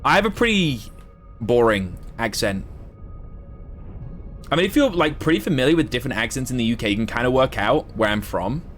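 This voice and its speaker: A man's voice: medium pitch, expressive, a little fast, pauses often, fairly bright tone, soft background music. A man from Southwest England with an English accent that has American influences. He gives casual, chatty live gameplay commentary and swears freely. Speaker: streamer.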